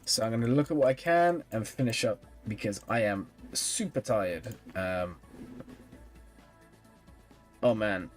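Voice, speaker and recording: A man's voice: lowish voice, measured pace, pauses often, soft background music. A tired, yawning man streaming live and chatting casually as he reviews viewers' game rosters and answers chat. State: sleepy, yawning.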